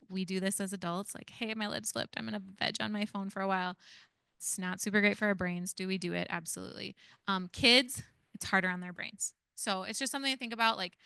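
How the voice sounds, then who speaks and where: A woman, a parent educator giving a lively workshop talk to foster parents and asking the audience many questions. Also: medium pitch, creaky, clear, resonant tone, no room sound, studio quality.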